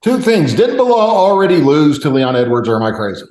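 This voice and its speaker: A man co-hosting a fight podcast, talking quickly in a wry, questioning way. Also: on the high side, big pitch swings, a little mellow, roomy sound, poor audio. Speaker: podcast co-host. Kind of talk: casual chat.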